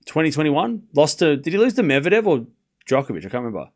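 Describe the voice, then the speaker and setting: Animated high-pitched male stream commentator. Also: quick pace. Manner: excitable, swings from muttering lows to shouted calls; sarcastic, jokey with chat. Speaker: host of a live tennis watchalong stream. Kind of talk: live play-by-play commentary with chat banter.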